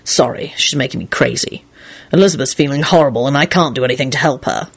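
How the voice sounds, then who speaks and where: A woman's voice: extremely low pitch, fast, slightly rough, dry recording, pitched below the performer's own voice, exaggerated voice. A woman voicing a moody, volatile man who mumbles and snarls, in an audiobook. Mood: sullen. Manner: sullen, snarling.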